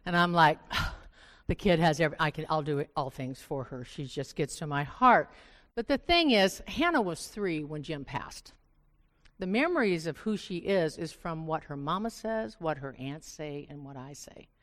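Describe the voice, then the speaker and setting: An older woman speaks to a gathered group of women, telling a self-mocking story with animated asides. Her voice sits low for a woman. The sound carries a long reverb from the church hall. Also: moderate pace. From Oregon. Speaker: women's Bible study speaker. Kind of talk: storytelling talk to a live group. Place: church meeting room.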